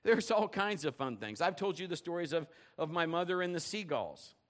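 A male pastor delivering a sermon in a relaxed, conversational style. His voice sits a little high for a man. He jokes, tells stories and keeps checking in with the congregation. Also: normal speed. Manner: conversational, joking storyteller, asks the crowd questions.

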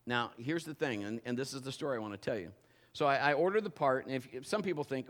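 A male pastor preaching to his congregation, telling a personal story in an animated way, with self-mocking humor and frequent restarts. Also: medium pitch, fast talker. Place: church before a congregation.

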